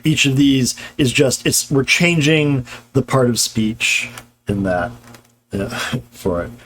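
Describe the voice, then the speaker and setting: A man's voice: fairly high pitch, slight background noise. A man giving a live-streamed grammar lecture, talking casually with many fillers and restarts while answering chat.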